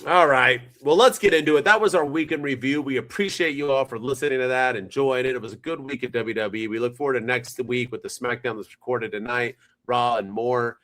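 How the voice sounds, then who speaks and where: A man co-hosting a podcast, chatting casually in an animated, rambling, jokey way. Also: mid-range voice, fairly quick, few pauses. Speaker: podcast co-host. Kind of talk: casual chat.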